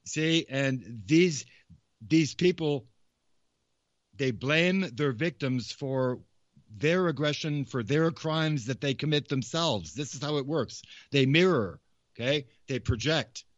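A man's voice: medium pitch, lively intonation, takes it slowly, no room sound. A man hosting a show, giving rambling, repetitive casual commentary. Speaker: podcast host. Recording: slightly muffled, dry recording.

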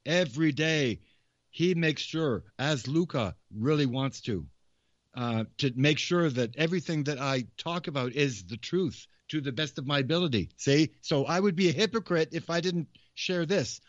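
A man's voice: fairly high pitch, normal speed, dry recording. A man hosting a show, giving rambling, repetitive casual commentary. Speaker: podcast host. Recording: slightly muffled, dry recording.

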